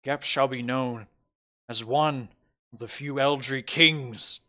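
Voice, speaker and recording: A man's voice: fairly even intonation, takes it slowly, bright, forceful tone. A man voicing a pompous male town mayor who makes grand, formal speeches. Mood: solemn. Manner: booming, formal, stumbling over grand words.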